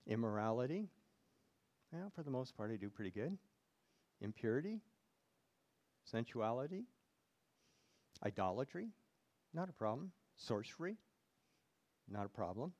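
A man's voice: medium pitch, big pitch swings, a little slow, pauses often, a little mellow, dull audio. A male pastor preaching a sermon in church, reading scripture aloud and putting questions to the congregation.

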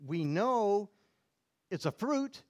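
A man's voice: sits high, very animated, slow, muffled recording. Man preaching a sermon in church. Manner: preaching, reading scripture aloud, asking the congregation questions. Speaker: pastor.

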